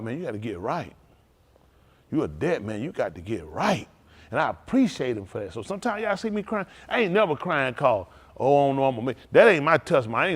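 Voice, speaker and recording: Emotional preacher man with a lively swinging voice. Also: medium pitch, breathy edge. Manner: emotional, conversational, laughing and exclaiming. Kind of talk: informal sermon testimony. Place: synagogue hall during livestream.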